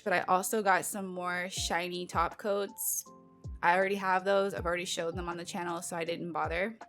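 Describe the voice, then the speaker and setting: A woman's voice: lowish voice, a bit bright. A woman vlogger casually chatting through a nail product unboxing, talking in a loose, filler-heavy way with playful exasperated asides.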